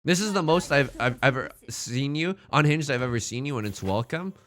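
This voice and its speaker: A man streaming a mahjong game and bantering with his chat in a hyped, self-mocking way, building up jokes and reacting loudly to risky plays. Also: mid-range voice, lively intonation, fairly quick, soft background music. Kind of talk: live-streamed mahjong commentary.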